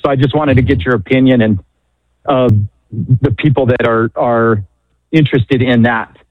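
Man phoning in, unsure and halting, phone-line sound. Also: mid-range voice, steady tone, dry recording. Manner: hesitant, halting, searching for words. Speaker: caller.

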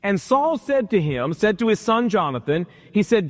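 High-voiced preaching man in reverb. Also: big pitch swings, moderate pace, few pauses. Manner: emphatic, repetitive preaching cadence. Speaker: pastor. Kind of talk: sermon.

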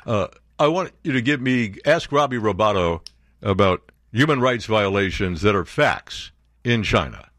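Animated, sarcastic older radio host man. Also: fairly low pitch, moderate pace, dry recording, clean studio sound. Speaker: radio talk show host. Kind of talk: opinionated talk radio commentary.

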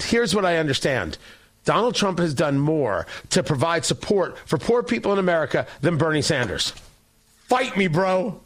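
A man hosting a talk show on air, sarcastic and combative as he mocks his opponents. His voice is high and swings widely in pitch. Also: sing-song, moderate pace, a bit bright. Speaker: political talk show host. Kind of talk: opinionated on-air monologue.

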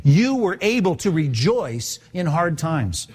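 Male pastor, conversational sermon, slightly high voice with a lively pitch, full of rhetorical questions. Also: slow pace, husky.

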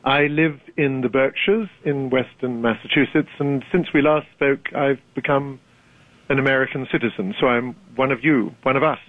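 A man's voice: mid-range voice, a little hiss or hum. British older man over a phone line. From Britain. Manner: articulate, measured storyteller. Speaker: guest author. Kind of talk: radio interview. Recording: dry tinny phone line.

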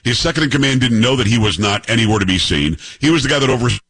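A man's voice: mid-range voice, animated, rapid-fire, a bit bright. A man hosting a talk radio show, commenting in a mocking, sarcastic way.

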